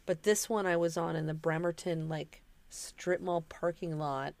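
A woman's voice: on the low side, steady tone, moderate pace, gravelly, a little mellow. A woman co-hosting a podcast in casual chat, telling rambling stories with many restarts. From Washington state. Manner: chatty storyteller, rambling with restarts. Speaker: podcast co-host.

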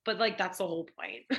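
A young woman co-hosts a loose movie chat, animated and quick to laugh. Her tone is bright and crisp, with plenty of filler words. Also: medium pitch. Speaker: podcast co-host. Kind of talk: casual film review chat.

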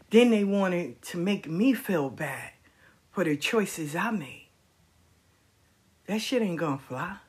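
A woman telling a story in a casual, animated way, full of slang and emphasis. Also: medium pitch, breathy edge.

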